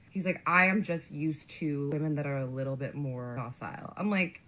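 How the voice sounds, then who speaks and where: A woman's voice: low-pitched, expressive, quick pace, few pauses, a bit bright, poor audio. A woman in a played clip telling the story of a bad date, indignant and sassy, acting out both her own lines and his. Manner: indignant, sassy, acts out both sides of the dialogue.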